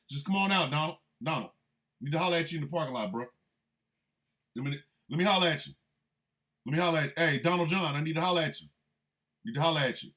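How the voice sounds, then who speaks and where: A man's voice: on the high side, fairly bright tone, close to an everyday voice. A man playing a riled-up male senator who keeps calling a rival out to the parking lot, with insistent, repetitive taunting.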